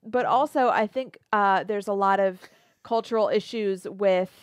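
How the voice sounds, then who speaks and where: A woman co-hosts a casual podcast and talks things through out loud, restarting her sentences as she goes. Her pitch sits in the middle, and the recording is close and dry with no room sound. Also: measured pace, no room sound. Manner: chatty, thinks aloud with restarts; reads live viewer comments aloud. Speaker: podcast co-host. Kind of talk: casual chat.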